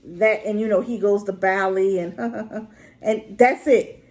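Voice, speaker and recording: High-voiced woman ranting casually. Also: a little slow. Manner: rambling, exclaiming, talks straight to viewers; unscripted and unedited. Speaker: YouTube drama reviewer. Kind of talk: casual rant to camera.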